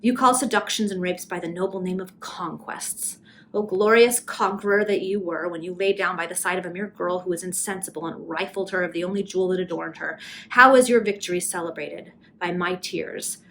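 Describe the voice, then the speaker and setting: Woman reading vengeful young woman, hoarse, scornful, imperious, Victorian melodrama, faint background hiss. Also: fairly low pitch, a little fast, fairly bright tone, low-quality recording. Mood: accusing rage. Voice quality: hoarse with rage. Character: wronged vengeful young woman, bitter and furious. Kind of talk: amateur reading of a Victorian novel.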